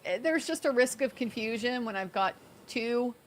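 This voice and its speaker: A woman on a live stream, chatting in a thoughtful, measured way and answering viewers' questions. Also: on the high side, lively intonation, slight background noise. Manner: thoughtful, measured, with small repeats. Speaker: fellow livestreamer. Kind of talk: casual live stream chat.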